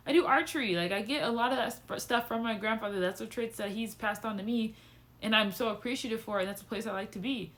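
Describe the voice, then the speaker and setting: A young woman talks straight to camera in a casual personal vlog. Her voice is bright and forceful, and her pitch jumps up for emphasis. She is candid and animated, with frequent swearing. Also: fast talker. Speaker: vlogger.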